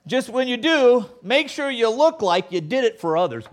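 Pastor, male, preaching with an animated, lively voice and mocking asides. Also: high voice, moderate pace. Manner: animated, acts out quoted voices with sarcasm. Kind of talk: sermon.

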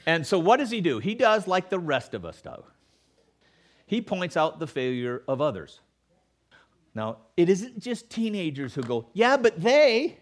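A man preaching a sermon as pastor, animated and sarcastic, acting out the excuses of others. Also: on the high side, moderate pace. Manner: animated, acts out quoted voices with sarcasm.

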